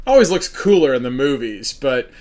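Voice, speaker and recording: A man's voice: mid-range voice, big pitch swings, normal speed, a little mellow. A man from Oklahoma, a political candidate hosting his own show, giving an emphatic campaign monologue that hammers the same points over and over.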